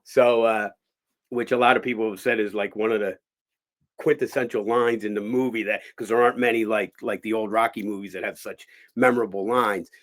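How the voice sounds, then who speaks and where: A man's voice: lowish voice, brisk. A middle-aged man, a boxing promoter, telling behind-the-scenes stories in a casual podcast chat and acting out the dialogue. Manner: animated anecdote teller, acts out quoted dialogue.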